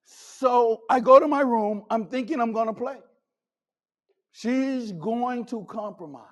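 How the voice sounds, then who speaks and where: A man delivers a motivational keynote in a high voice. He tells personal stories with emphasis and acts out each exchange. He speaks with the force of a practiced stage speaker. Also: takes it slowly. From Texas. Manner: dramatic, acts out dialogue, emphatic.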